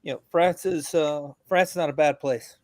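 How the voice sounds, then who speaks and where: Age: adult. Sex: man. Style: blunt joking podcast rant. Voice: fairly high, dry close sound. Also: steady tone, normal speed, no echo. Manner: blunt, joking, gets louder and higher as he rants. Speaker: veteran guest.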